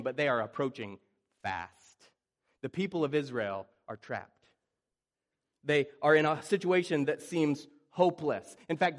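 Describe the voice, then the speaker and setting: Preaching to his congregation, this middle-aged man speaks at a medium pitch and keeps things lively and conversational. He frequently restarts what he's saying and slips into dramatized, panicked voices.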